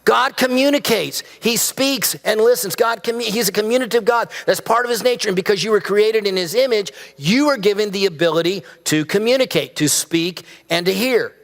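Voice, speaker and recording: A man's voice: high voice, fairly quick, creaky, few pauses, a bit bright. A man preaching a conversational sermon as pastor, asking the congregation questions and mixing in humor. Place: church sanctuary. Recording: church hall with long reverb.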